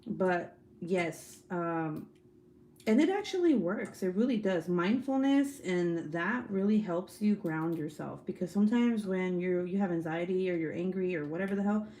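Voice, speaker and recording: A woman's voice: on the low side, a little mellow, a little hiss or hum. Casual foul-mouthed woman livestreamer. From United States. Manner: casual, swears freely, laughs often. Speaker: livestream host reading viewer comments. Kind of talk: casual live chat.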